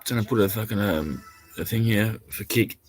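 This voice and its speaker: A man's voice: fairly low pitch, moderate pace, faint music behind. An Australian man chatting casually on a live stream, rambling and laid-back, swearing now and then.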